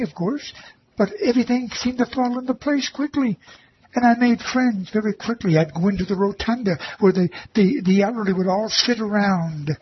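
A man's voice: sits high, slight background noise. A man telling a personal faith testimony about reading the Bible to elderly residents, earnest and reverent, often repeating phrases for emphasis. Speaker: volunteer who read the Bible to elderly residents. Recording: slightly dull lo-fi recording with faint ambience.

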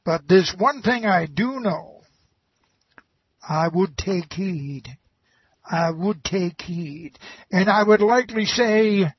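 A man delivers a folksy sermon in a husky, fairly high voice, taking his time with long, drawn-out phrases. He drops homespun asides between points. The sound is dry and a bit muffled. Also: animated, dry recording. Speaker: preacher.

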